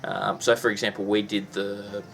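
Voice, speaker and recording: A man's voice: on the low side, flat delivery, moderate pace, vocal fry, fairly bright tone, soft background music. A man teaching a casual lesson, chatty and full of ums and restarts, breaking into sound effects.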